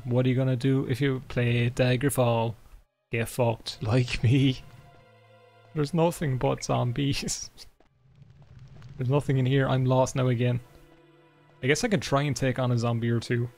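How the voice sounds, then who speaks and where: A man streaming a game live, swearing, laughing and reading in-game books aloud with excitement. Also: mid-range voice, vocal fry. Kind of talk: live gameplay commentary.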